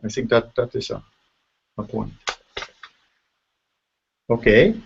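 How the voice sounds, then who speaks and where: Dutch-accented professor on a dull video call. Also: male voice, mid-range voice, slow, gravelly, slight background noise. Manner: explains step by step, often checks in with "right?". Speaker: linguistics professor. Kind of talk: casual lecture over a video call.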